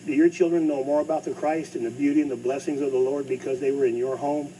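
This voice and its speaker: A middle-aged man preaching a sermon as pastor, swinging between loud bursts and hushed asides. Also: medium pitch, steady tone, fast talker. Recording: distant mic with faint hum.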